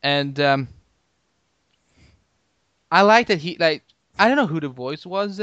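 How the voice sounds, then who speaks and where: A man co-hosting a podcast in casual chat, talking excitably with many restarts and jumping up in pitch when he disagrees. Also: slow, smooth, dry recording, muffled recording. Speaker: podcast co-host.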